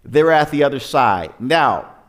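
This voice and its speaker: A man's voice: mid-range voice, lively intonation, unhurried. A man preaching a sermon as pastor, telling the story in a conversational way with rhetorical questions and frequent restarts.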